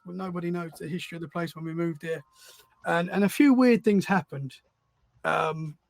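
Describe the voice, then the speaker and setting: Guesting on a podcast, this paranormal enthusiast has a high-pitched voice with vocal fry and tells stories casually, rambling and repeating words while he searches for his thread. The recording is dry.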